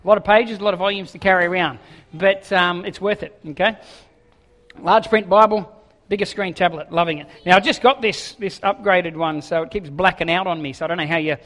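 A man with a high, bright voice preaches in a casual, joking way, tripping over his words and repeating them as he goes. His voice rings out with a long hall reverb around it. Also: steady tone, fairly quick. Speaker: pastor. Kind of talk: sermon with jokes.

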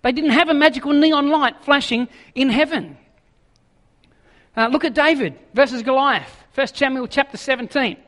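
A man preaching a sermon in a lively, jokey way, acting out voices as he goes. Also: very high-pitched, normal speed, long reverb tail. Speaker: pastor.

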